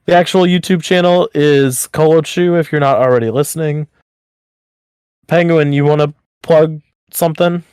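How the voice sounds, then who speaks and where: A man's voice: a little high, fairly even intonation, moderate pace, darkish tone, smooth, dry recording, clean studio sound. A man co-hosting a podcast in casual, bantering chat while plugging the show. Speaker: podcast co-host.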